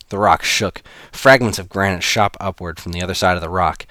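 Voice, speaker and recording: A man narrating an audiobook chapter in a steady storytelling manner. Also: deep voice, brisk, hardly any pauses, dry recording. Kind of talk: scripted narration.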